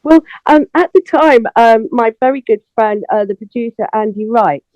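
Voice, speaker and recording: A woman's voice: on the high side, moderate pace, no room sound. A middle-aged woman, telling stories as an interview guest and acting out the dialogue, with plenty of fillers. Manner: animated storyteller, acts out dialogue, many fillers. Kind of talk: casual interview storytelling. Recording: tinny phone line, dry.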